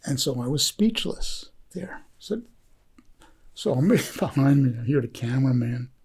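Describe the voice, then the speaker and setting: A man's voice: mid-range voice, expressive, unhurried, darkish tone, slightly rough. A man who is a guest on a podcast, telling a story in a rambling, heartfelt way, full of fillers and restarts. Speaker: podcast guest, documentary filmmaker. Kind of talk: casual storytelling.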